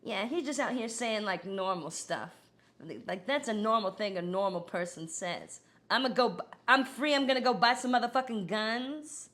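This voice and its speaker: A woman's voice: on the high side, normal speed, fairly bright tone, natural voice. A woman impersonating a middle-aged female politician as a satirical news anchor, cackling with laughter between crude punchlines. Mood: joking.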